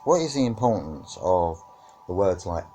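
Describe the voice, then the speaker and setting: A man's voice: low voice, sing-song, moderate pace, dark tone, soft background music. A man teaching about witchcraft and spirituality in a reflective discussion, often checking in with "right?" and "yeah?".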